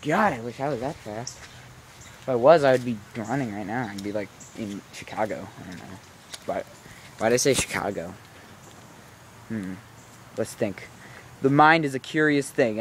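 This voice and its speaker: A man's voice: mid-range voice, a little hiss or hum. Tired, rambling young man vlogging outdoors. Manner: rambling, self-mocking, talks in quick tangents. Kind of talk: rambling casual vlog. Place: outdoors, walking a dog in rainy weather.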